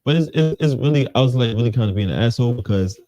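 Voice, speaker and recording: Very fast and animated, a man with a dark voice tells his story as an interview guest in a dry recording. He mixes in heavy street slang and acts out what others said, his pitch leaping for each quote.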